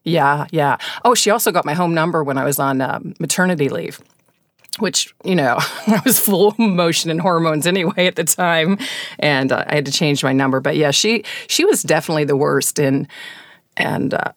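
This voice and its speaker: A woman co-hosts a podcast and tells her stories quickly and plainly. Her voice sits low for a woman. The recording is dry and close. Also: no echo. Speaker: podcast co-host and former radio host. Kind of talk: casual podcast storytelling.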